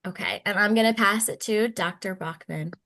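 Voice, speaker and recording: A woman host speaks casually and a little hesitantly on a video call. Her voice has a gravelly vocal fry at a middling pitch. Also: moderate pace, pushed and bright. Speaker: session host.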